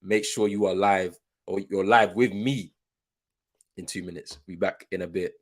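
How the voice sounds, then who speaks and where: A low-voiced man hosts a live football watchalong stream. He talks in a relaxed, chatty way, calling the play and reading out viewers' comments as he goes. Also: normal speed.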